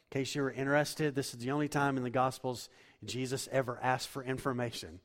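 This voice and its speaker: A man's voice: medium pitch, fairly even intonation, normal speed. Impassioned male preacher in a reverberant hall. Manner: impassioned preaching, swinging from loud emphasis to hushed tones. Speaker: pastor. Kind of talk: sermon.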